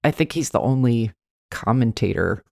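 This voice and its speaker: A man's voice: mid-range voice, animated, moderate pace, vocal fry, a little mellow, no echo, clean studio sound. A man co-hosting a podcast in casual chat, musing and understated. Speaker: podcast co-host.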